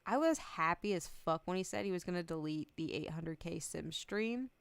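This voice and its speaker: A woman's voice: fairly low pitch, lively intonation, moderate pace, gravelly, clean tone, no room sound. A young adult woman streamer chatting casually, rambling, giggling often and swearing freely. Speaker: VTuber streamer.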